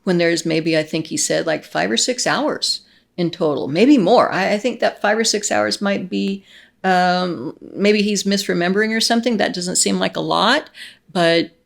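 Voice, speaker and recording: A middle-aged woman vlogging in a gushing, excitable way, laughing often and restarting her sentences. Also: on the low side, moderate pace, creaky. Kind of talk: casual chat to camera.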